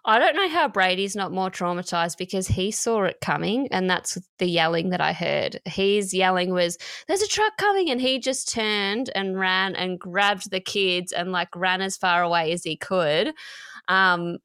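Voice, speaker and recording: A woman's voice: on the low side, measured pace, a bit bright, clear, resonant tone, no room sound, studio quality. Frank woman telling a story. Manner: emotional, frank storytelling with casual swearing. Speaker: podcast co-host. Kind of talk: candid podcast chat.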